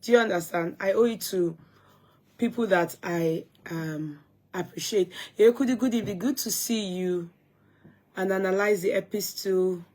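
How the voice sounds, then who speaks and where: A woman's voice: mid-range voice, normal speed, darkish tone. A woman from Gambia, chatting casually to viewers on a live stream and greeting them by name.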